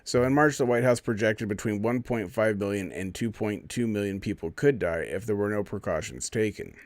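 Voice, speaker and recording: A man's voice: on the low side, fairly quick, dry recording. A man hosting a live stream, reading out a news fact check and arguing with it in an indignant, sarcastic running commentary.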